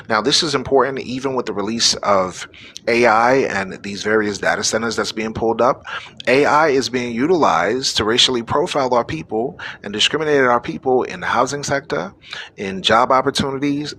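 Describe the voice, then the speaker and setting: A man's voice: medium pitch, bright, forceful tone, slight background noise. A man hosting a live-streamed news show, delivering preachy, exhorting commentary to his audience. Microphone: phone or webcam on a live stream.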